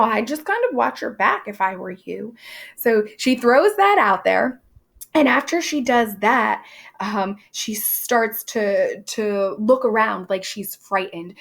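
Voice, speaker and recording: A young woman with a slightly high, gravelly voice teaches by explaining a play in a relaxed way. She uses lots of filler words and briefly acts out quoted lines.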